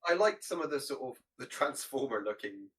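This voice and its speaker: A man's voice: mid-range voice, lively intonation, brisk, a bit bright, rough recording. A man co-hosting a film review podcast, chuckling often and searching for words in casual chat. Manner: laughs often, hesitant restarts. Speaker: podcast co-host.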